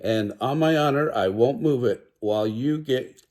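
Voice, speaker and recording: A man's voice: medium pitch, normal speed, a little mellow, close to an everyday voice. An older man voicing a tricky little male leprechaun in a storybook, teasing and sing-song. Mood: sly.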